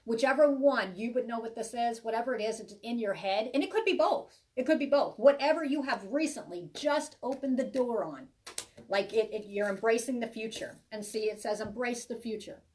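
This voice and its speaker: A woman's voice: fairly high pitch, lively intonation, brisk, darkish tone, far from the mic. A woman giving a live tarot reading to viewers, chatty and reassuring, rambling with many restarts. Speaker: tarot reader.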